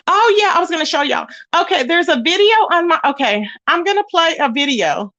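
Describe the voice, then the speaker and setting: High-voiced chatty woman on a livestream. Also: animated, a little fast, bright, forceful tone, dry recording, dull audio. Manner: chatty, greets viewers with pet names. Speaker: livestream host. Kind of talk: casual gossip livestream. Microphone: phone.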